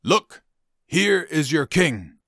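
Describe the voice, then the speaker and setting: A man's voice: a little high, very animated, slow, gravelly, fairly bright tone, no echo, studio quality, pitched above the performer's own voice, exaggerated voice. A man voicing a stern, uneasy male Roman governor in a Bible reading, with raised, insistent questions.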